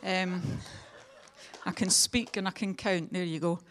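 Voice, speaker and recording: A woman's voice: on the low side, steady tone, measured pace, fairly bright tone, slight background noise. Chatty Scottish woman giving testimony. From Scotland. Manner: humorous, chatty, self-mocking. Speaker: church member giving testimony. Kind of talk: personal testimony at a church meeting.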